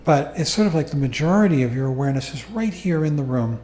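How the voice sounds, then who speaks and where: A man gives a slow, calm meditation talk to a group, explaining patiently. His voice is warm and mellow, sitting a little high. The sound is roomy and echoey. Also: a little hiss or hum. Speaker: meditation teacher. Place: meditation hall. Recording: echoey room recording.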